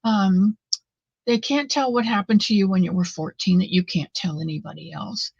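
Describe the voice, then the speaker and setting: A woman's voice: medium pitch, steady tone, moderate pace, creaky, husky, no room sound, lo-fi sound. A middle-aged woman hosting a live knitting stream, chatting casually and earnestly with viewers in a motherly way. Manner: warm, motherly, talks straight to viewers; earnest and faith-filled.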